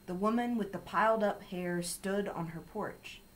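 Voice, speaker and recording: A woman reading a children's chapter book aloud in calm, steady storytelling. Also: medium pitch, a little slow, low-quality recording. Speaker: story reader.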